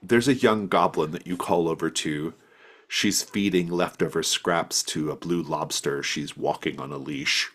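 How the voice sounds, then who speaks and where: A man's voice: sits low, a little slow, a bit bright. A man narrating as game master of a tabletop role-playing game, loosely, with lots of fillers. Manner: loose, rambling with many fillers.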